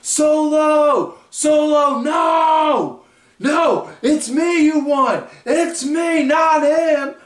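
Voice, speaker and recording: A man impersonating a desperate male wrestler who yells and begs for his friend to be spared. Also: very high voice, extremely slow, reverberant, far from the mic, voice pushed up, exaggerated voice. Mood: frantic pleading. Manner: frantic pleading shouts.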